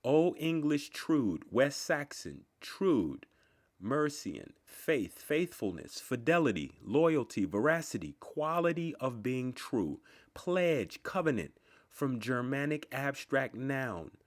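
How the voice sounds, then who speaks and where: A man reading dictionary entries aloud in a slow, deliberate, word-by-word recitation. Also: medium pitch, very animated. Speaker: channel host.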